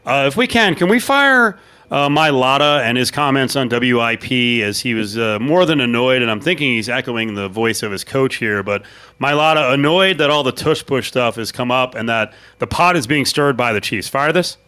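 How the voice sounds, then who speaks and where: A man hosting a sports talk show, brisk and jokey as he steers the segments. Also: medium pitch, expressive, bright, forceful tone, smooth. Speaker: host.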